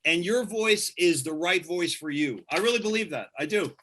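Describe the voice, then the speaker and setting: A man's voice: sits high, animated, normal speed, fairly bright tone, slight background noise. A man who works as a radio host, answering interview questions in an earnest, casual way and often repeating himself for emphasis.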